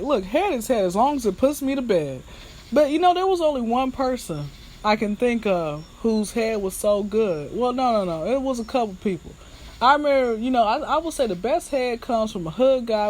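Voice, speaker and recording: A woman hosting a candid solo podcast, telling frank stories with laughs and talking straight to her listeners. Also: medium pitch. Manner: chatty and animated, addressing listeners as y'all. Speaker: podcast host.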